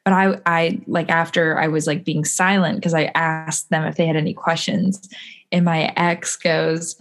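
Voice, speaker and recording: A woman's voice: low voice, flat delivery, a little slow. A woman co-hosting a podcast, chatting casually in a rambling way with many restarts. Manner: rambling, full of fillers and restarts. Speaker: podcast co-host. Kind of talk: casual chat.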